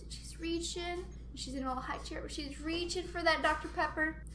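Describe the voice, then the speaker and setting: A woman host telling a funny family story in a chatty, animated way, laughing often. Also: high voice, reverberant, slight background noise. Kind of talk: casual storytelling monologue.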